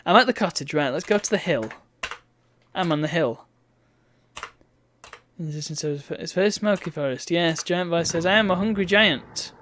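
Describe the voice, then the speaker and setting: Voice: medium pitch, moderate pace, long pauses, slight background noise. A streamer giving wry, bemused commentary while reading a game's text aloud. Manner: wry, bemused asides between read-out lines.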